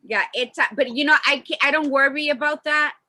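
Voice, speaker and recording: A woman's voice: high voice, fairly quick, pushed and bright, no echo. A woman co-hosting a casual chat show, a long-winded, emphatic storyteller. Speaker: podcast co-host.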